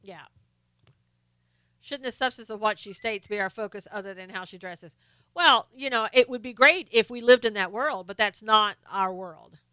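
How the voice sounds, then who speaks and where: Woman chatting on a live stream, reading out comments, lots of uhs and restarts, bright clear voice, dry close mic, voice getting worn. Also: medium pitch, moderate pace, no echo. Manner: chatty, hesitant with many fillers and restarts. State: losing her voice. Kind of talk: casual live-stream chat.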